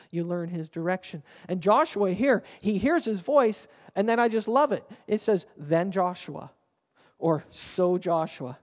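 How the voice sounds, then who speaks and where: A man in his fifties, a pastor preaching a sermon with an animated storytelling manner, swinging between quiet and loud. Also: high voice, long reverb tail.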